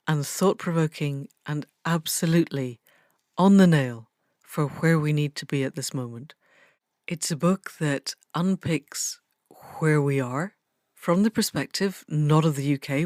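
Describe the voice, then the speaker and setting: A woman's voice: deep voice, no room sound, clean studio sound. A woman hosting a podcast, introducing her guest and asking questions with effusive enthusiasm. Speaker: podcast host.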